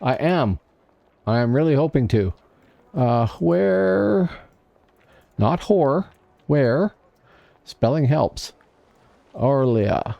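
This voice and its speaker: A man's voice: medium pitch, lively intonation, slow pace, warm tone, dry recording, highs cut off. A man casually commenting on his gameplay on a livestream, chatting to himself and to viewers in chat. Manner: chatty, talks to himself and chat while playing. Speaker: livestream gamer.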